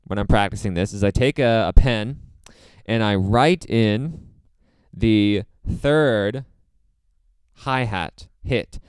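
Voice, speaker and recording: Low, smooth-voiced male drum teacher. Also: slow pace, no room sound. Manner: relaxed, explains step by step with many fillers. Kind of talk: casual instructional talk.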